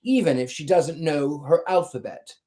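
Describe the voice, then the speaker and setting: A man doing a loud, pompous goat. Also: a little high, normal speed, close to an everyday voice.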